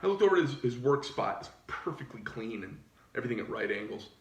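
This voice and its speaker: In an echoey room on a muffled recording, a middle-aged knife shop owner rants casually at a fast clip and medium pitch. His talk is animated, full of profanity, and rambling, with frequent restarts.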